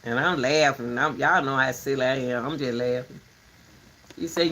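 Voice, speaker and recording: Bright-voiced chatty woman. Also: a bass voice, moderate pace, a little hiss or hum. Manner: animated, chatty, talks to her dogs and viewers. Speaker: commentary channel host. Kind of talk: casual rambling livestream chat.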